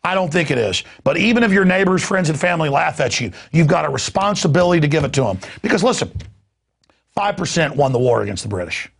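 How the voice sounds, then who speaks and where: A man's voice: a little high, big pitch swings, fast, vocal fry, husky. A middle-aged man hosting a talk show, ranting in an impassioned, indignant way and stumbling over repeated words. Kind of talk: heated talk radio rant.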